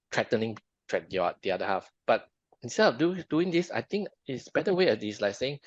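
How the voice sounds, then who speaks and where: Man, podcast co-host, casual book talk, halting, repeats words, muffled lo-fi sound. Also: medium pitch, sing-song, no echo. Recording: dull lo-fi dry sound.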